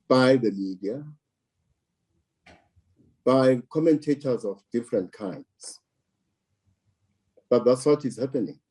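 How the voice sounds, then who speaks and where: A man from South Africa giving measured political commentary, deliberate and emphatic, repeating words for stress. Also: mid-range voice, darkish tone, husky.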